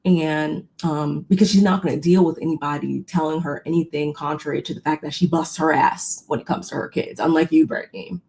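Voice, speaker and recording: A woman co-hosting a casual recap chat, retelling scenes in an animated way with quoted voices. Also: low-pitched, a little fast, vocal fry, hardly any pauses. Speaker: podcast co-host recapping a reality show.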